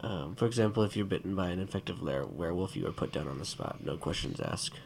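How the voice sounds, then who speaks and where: A game master runs a tabletop role-playing game, narrating and explaining loosely with plenty of fillers, asides, and frequent laughter. His deep, darkish voice is expressive and fast, with vocal fry and a little background hiss or hum.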